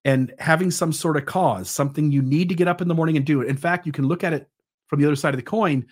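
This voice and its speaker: A man's voice: fairly high pitch, fast talker, breathy edge. A man in his forties, a podcast guest who explains his ideas thoughtfully and with some fillers. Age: 40s. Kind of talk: conversational interview.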